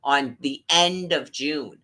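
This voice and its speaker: A woman's voice: deep voice, slow pace, pushed and bright. A woman in an angry, profane rant, cursing constantly and speaking with bitter scorn.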